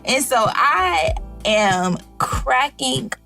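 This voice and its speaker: A young adult woman co-hosting a podcast, telling stories in a casual, animated way and acting out the people she quotes. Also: high voice, very slow, gravelly, faint music behind. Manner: animated, acts out quoted voices with laughter. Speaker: podcast co-host. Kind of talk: casual storytelling chat.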